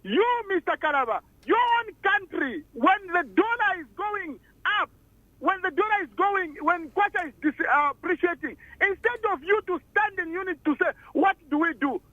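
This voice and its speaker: A man's voice: extremely high pitch, animated, normal speed, sharp tone, no echo. A man with a Zambian accent, a governor calling in to a radio debate, insisting on finishing his point over the host. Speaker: provincial governor, caller. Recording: muffled phone line.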